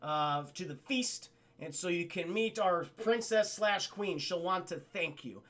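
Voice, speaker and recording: A man's voice: high-pitched, a little slow, fairly bright tone. A man voicing a kind, earnest guard captain from a cartoon, who speaks politely and apologetically.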